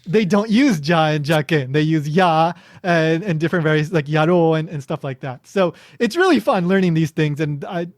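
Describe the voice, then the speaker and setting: A man's voice: fairly high pitch, moderate pace, few pauses, no echo. A man hosting a podcast, chatting casually and explaining things with lots of restarts and fillers. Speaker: podcast host.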